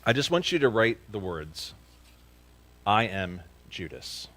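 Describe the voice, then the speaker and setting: Over poor audio, a pastor with a lowish voice preaches slowly but very animatedly at a church service. He earnestly questions his listeners directly, growing emphatic and louder to stress a point.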